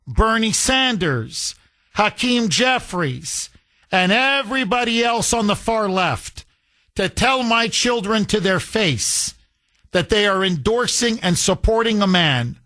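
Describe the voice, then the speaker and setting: A man's voice: high-pitched, lively intonation, takes it slowly, bright, forceful tone. A middle-aged man hosting a political talk radio show, delivering a heated, indignant monologue with strong emphasis.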